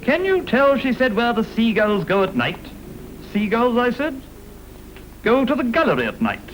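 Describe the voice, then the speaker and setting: A foppish English aristocrat prattles in an affected upper-class English drawl. His voice sits high and swoops up and down with every phrase, like a 1930s film comedy. A faint hiss lies under it. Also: big pitch swings, moderate pace, low-quality recording. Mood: chattering. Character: foppish, chatty English lord.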